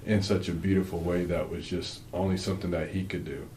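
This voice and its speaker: A man's voice: low-pitched, level tone, fairly quick, warm tone, echoey room, slight background noise, low-quality recording. A man co-hosting a faith-based marriage talk with his wife, speaking earnestly and rambling with frequent restarts. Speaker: co-host, husband.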